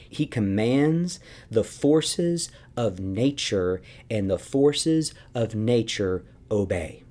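A man preaching a sermon, slow and emphatic, asking pointed rhetorical questions and dropping to near whispers for weight. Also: mid-range voice, a little mellow. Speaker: pastor.

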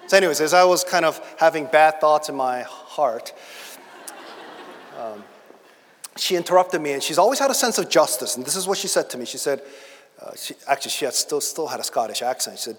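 Emphatic pastor preaching in a reverberant hall. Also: male voice, a little high, lively intonation, a little fast. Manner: emphatic preaching, swinging between loud declarations and quiet storytelling. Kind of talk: sermon.

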